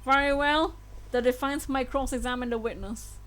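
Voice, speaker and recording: A woman's voice: high voice, steady tone, moderate pace, a bit bright, rough recording. A woman voicing a formal older male judge from a game, with a slightly raised delivery.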